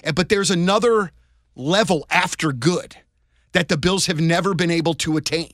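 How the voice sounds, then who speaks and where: A man co-hosting a sports podcast tells stories during casual sports chat, rambling and animated and restarting often. His voice is a little high and moves at normal speed, captured as clean studio sound with no room sound.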